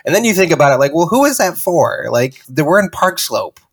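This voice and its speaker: A man, a stand-up comedian, telling stories in casual chat with animated quotes. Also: on the high side, a little fast, husky. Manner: animated storytelling, loud acted quotes.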